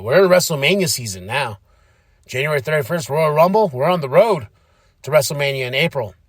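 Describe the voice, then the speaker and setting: A man's voice: mid-range voice, dry recording, studio quality. A man hosting a podcast, casually recapping a wrestling show and acting out the wrestlers' lines. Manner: animated, acts out quotes in shifting voices. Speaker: podcast host.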